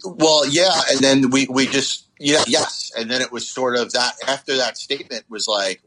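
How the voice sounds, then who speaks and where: Bright-voiced man with a halting delivery. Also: mid-range voice, slight background noise, poor audio. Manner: halting, many fillers and restarts. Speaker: interview guest. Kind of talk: personal recollection interview.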